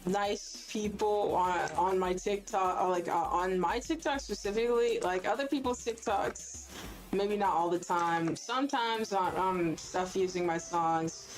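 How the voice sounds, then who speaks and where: A woman's voice: mid-range voice, measured pace. A woman streamer in casual, rambling chat who interrupts herself, jokes and swears. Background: loud music.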